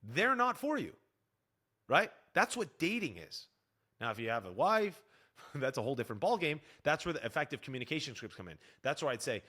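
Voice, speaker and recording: A man's voice: a little high, fairly quick. A young man coaching on fitness, talking straight to the viewer with energy and acting out little dialogues. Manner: energetic, animated, acts out dialogue. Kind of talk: direct-to-camera fitness advice.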